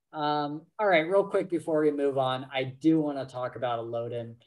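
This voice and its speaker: A man's voice: mid-range voice, fairly even intonation, normal speed, a little mellow. A man co-hosting a podcast, talking casually about books with many fillers and frequent laughs. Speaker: podcast co-host. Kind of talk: casual book discussion.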